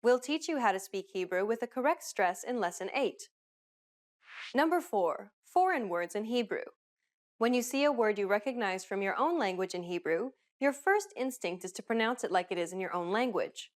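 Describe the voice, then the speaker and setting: A woman hosting a pronunciation lesson, giving upbeat, clearly enunciated scripted instructions. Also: mid-range voice, animated, moderate pace. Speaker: language teacher host.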